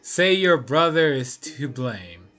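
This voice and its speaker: A man's voice: medium pitch, very animated, slow pace, pushed and bright, faint music behind. A man streaming a story game, reading the narration aloud with offhand asides.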